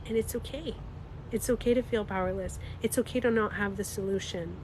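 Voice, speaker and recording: A woman beauty coach chatting candidly on a livestream, animated, swearing freely and laughing often. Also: mid-range voice, fairly quick, a little hiss or hum. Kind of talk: casual livestream chat.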